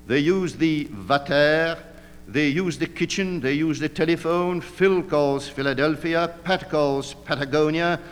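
A man's voice: fairly high pitch, a little slow, long reverb tail, close to an everyday voice. A man reading an audiobook, voicing a drunken, blustering man with a drawling, oddly feminine manner. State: drunk and rambling. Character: drunken blustering man, effete, mocking and evasive.

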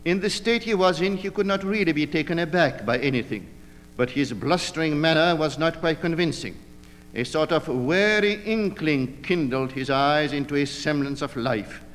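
A man narrating an audiobook in a measured, literary storytelling manner. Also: fairly high pitch, expressive, a bit bright, in a large hall, a little hiss or hum.

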